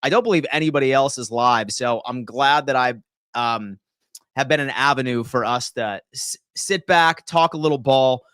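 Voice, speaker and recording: Energetic man hosting a sports livestream. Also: medium pitch, moderate pace, clear, resonant tone, no room sound, clean studio sound. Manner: energetic, reads chat shout-outs aloud. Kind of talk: live sports talk stream.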